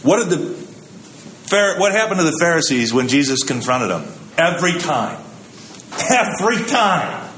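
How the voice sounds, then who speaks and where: A man's voice: on the high side, lively intonation, normal speed, fairly bright tone, echoey room, a little hiss or hum, rough recording. A man giving a sermon in a conversational, storytelling way, acting out the quotes he tells. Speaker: preacher.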